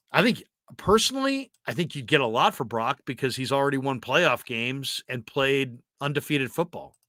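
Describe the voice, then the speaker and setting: Casual male sports host, bright and forward, dry sound. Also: medium pitch, moderate pace, hardly any pauses, no echo. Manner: animated, self-interrupting storyteller.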